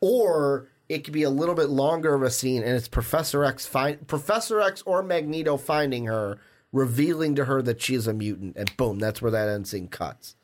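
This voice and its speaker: Animated young man in casual chat. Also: medium pitch, normal speed. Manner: animated, breaks into playful put-on voices. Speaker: podcast co-host.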